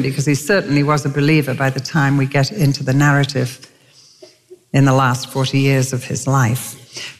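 A woman's voice: deep voice, in a large hall. An older woman preaching a sermon, telling stories earnestly and with emphatic conviction.

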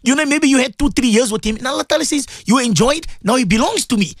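Impassioned high-voiced cleric. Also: male voice, expressive, fast talker. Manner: impassioned, repetitive, pleading, preacherly. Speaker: Islamic radio presenter and cleric. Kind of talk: emotional radio advice talk.

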